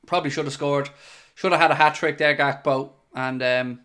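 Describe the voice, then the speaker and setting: Excitable man with a high voice streaming a match. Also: normal speed, clean tone. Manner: excitable, swings between chatty asides and loud bursts at goals; reads out and answers viewer messages. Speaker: streamer hosting a football watchalong. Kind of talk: live casual commentary and chat.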